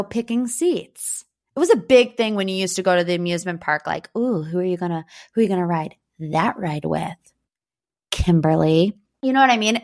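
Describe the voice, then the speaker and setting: A young woman from Northeast Ohio hosting a pop culture gossip podcast, chatty and animated. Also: medium pitch. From Northeast Ohio, United States. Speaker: podcast host.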